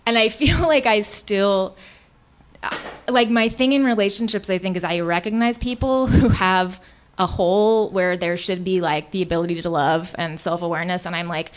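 A woman's voice: on the low side, expressive, fairly quick, a little hiss or hum. A woman telling a confessional comic story on a live stage show, rambling with lots of "like" and restarts. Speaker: storyteller on a live comedy podcast.

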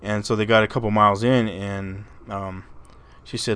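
Low-pitched guy rambling through a creepy story, trips over his words a lot, swears. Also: level tone, normal speed, fairly bright tone, smooth. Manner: rambling, stammers and repeats words, swears freely. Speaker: podcast host. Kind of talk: casual storytelling.

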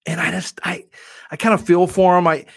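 Man, podcast host, casual storytelling, animated, profane, fairly high voice, dry. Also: a little fast, creaky, dry recording.

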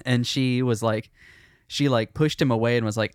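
A man's voice: medium pitch, fairly even intonation, normal speed, clean tone, no echo, clean studio sound. A man co-hosting a casual podcast, playful and acting out quotes in his stories. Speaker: podcast co-host. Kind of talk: casual chat.

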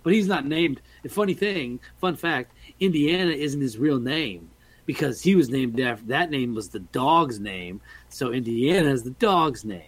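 A man's voice: mid-range voice, expressive, moderate pace, slightly rough. A man hosting a casual podcast, talking in a playful, jokey and rambling way. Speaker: podcast host. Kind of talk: casual chat.

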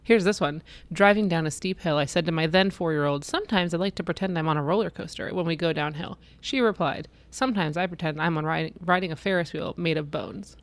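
A woman's voice: on the low side, brisk, few pauses. A woman in her thirties chatting casually and reading funny posts aloud, laughing often. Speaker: co-host.

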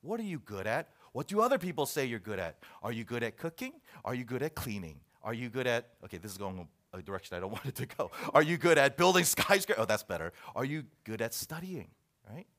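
A man's voice: medium pitch, very animated, fast talker. A man preaching a sermon, reading a list aloud and joking with his listeners. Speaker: pastor.

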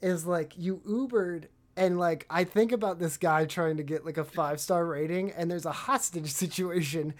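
A woman's voice: fairly low pitch, normal speed, few pauses. A woman co-hosting a podcast, chiming in with laughing, teasing remarks in casual chat. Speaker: podcast co-host.

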